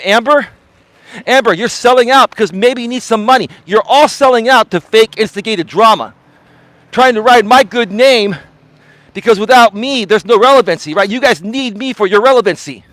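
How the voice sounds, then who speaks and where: A man's voice: high-pitched, fairly bright tone, no echo. A man, a life coach hosting his livestream, ranting confrontationally outdoors on a walk, repeating himself and swearing. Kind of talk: heated livestream rant.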